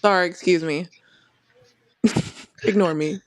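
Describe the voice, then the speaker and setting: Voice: medium pitch, fairly even intonation, slow, no echo. A host in a casual live-stream chat, reacting with exclamations and laughs.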